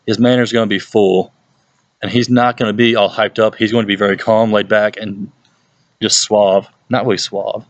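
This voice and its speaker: A youth pastor from Mississippi with a Southern accent, talking casually and playfully in an advice vlog at home. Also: male voice, flat delivery, moderate pace, no echo, lo-fi sound. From Hattiesburg, Mississippi, USA. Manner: chatty and playful, jumps into exaggerated high-pitched voices when quoting people. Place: at home, with his dog nearby.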